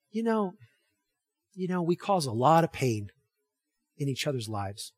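Husky-voiced man preaching a sermon. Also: mid-range voice, no echo. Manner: shifts from hushed tender passages to loud emphatic preaching. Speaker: pastor.

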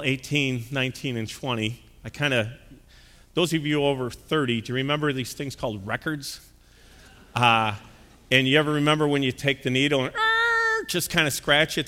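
A male pastor preaching in a folksy, chatty manner, dotted with "uh" fillers. His voice is bright and crisp, and it rings with long reverb through the church. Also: a little high, normal speed. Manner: conversational and folksy, with frequent "uh" fillers. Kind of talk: sermon.

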